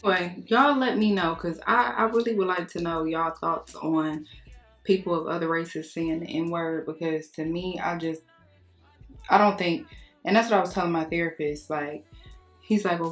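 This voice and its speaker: A young adult woman chatting frankly to her viewers, telling animated stories and cussing casually. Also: fairly low pitch. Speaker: beauty vlogger. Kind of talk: casual chat to camera.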